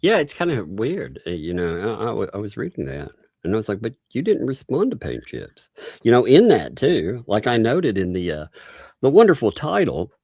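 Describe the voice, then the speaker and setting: A man's voice: on the low side, huge pitch swings, normal speed, darkish tone, slightly rough, no echo, clean studio sound. A man hosting a casual live-stream chat, often laughing through his sentences. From the Bronx. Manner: laughs often, chuckling asides. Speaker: host.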